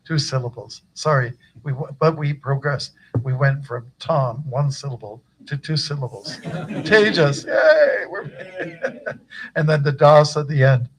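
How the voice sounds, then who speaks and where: A man's voice: medium pitch, steady tone, moderate pace, few pauses, crowd noise, low-quality recording. An older man, a guru, giving an informal initiation talk at a temple gathering, chatty and joking with many fillers.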